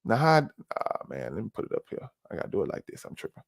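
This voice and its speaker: A man's voice: on the low side, huge pitch swings, quick pace, gravelly, no echo. Preachy man, close dry mic. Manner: preachy, repeats "family", heavy fillers. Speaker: commentary streamer. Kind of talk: casual conspiracy commentary.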